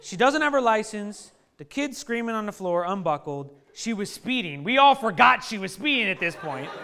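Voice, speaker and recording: A man in his thirties telling a funny family story to a live audience, lively and joking, often laughing at his own lines. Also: high voice, normal speed, clear, resonant tone. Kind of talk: animated anecdote to a live audience.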